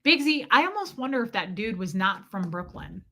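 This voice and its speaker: A woman's voice: mid-range voice, sing-song, moderate pace, bright, forceful tone. A woman from the US Midwest hosting a casual live stream, chatting sarcastically with viewers. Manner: sarcastic, ranting, throws in mocking impressions.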